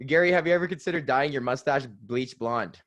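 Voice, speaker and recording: A man's voice: mid-range voice, fairly quick. A man hosting a casual podcast, reading out listener questions in a laid-back way. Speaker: podcast host.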